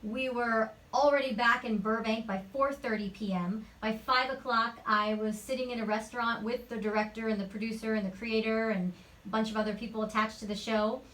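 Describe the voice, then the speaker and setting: Actress guest, woman, higher-pitched, animated storyteller, mic a little far off. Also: fairly quick. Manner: lively, chatty anecdotal storytelling. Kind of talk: interview storytelling. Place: home studio.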